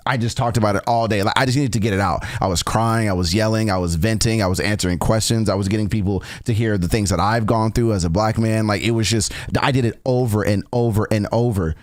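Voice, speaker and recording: A man's voice: on the low side, dry recording, studio quality. A young man hosting a reaction video, telling a personal story in a candid, casual way, swearing often and restarting sentences.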